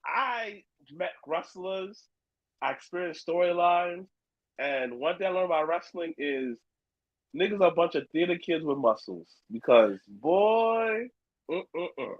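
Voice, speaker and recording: Man, laid-back slangy storyteller, slightly high voice, dry sound. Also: animated, moderate pace, no echo, lo-fi sound. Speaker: guest, wrestling referee. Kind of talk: casual chat.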